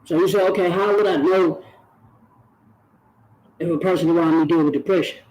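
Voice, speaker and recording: A man's voice: on the high side, steady tone, normal speed, darkish tone, rough recording. A man, talking earnestly to camera on his own channel and repeating phrases for emphasis. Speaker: YouTube channel host. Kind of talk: direct-to-camera talk.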